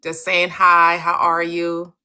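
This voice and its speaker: A woman hosting a casual group reading discussion on a video call, greeting people warmly with quick repeated words. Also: on the low side, monotone, smooth. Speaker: host of a group reading session.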